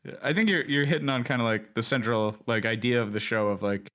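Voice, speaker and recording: A man's voice: mid-range voice, fast, a bit bright. A man hosting a fan podcast in casual chat, steering the discussion in an earnest way. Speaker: podcast host.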